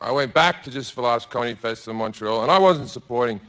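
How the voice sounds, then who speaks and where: A man doing crude, deadpan stand-up storytelling on stage with a handheld mic. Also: mid-range voice, quick pace. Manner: crude, deadpan storytelling with sudden loud bursts. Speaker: stand-up comedian. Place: stage before a live audience.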